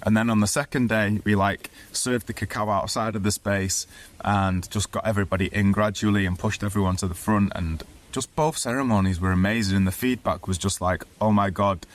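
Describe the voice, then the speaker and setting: A man's voice: on the low side, steady tone, fairly quick. A young man from Manchester with a Mancunian accent, reflecting casually as a cacao ceremony facilitator, rambling and effusive with lots of fillers. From Manchester, England. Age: young adult.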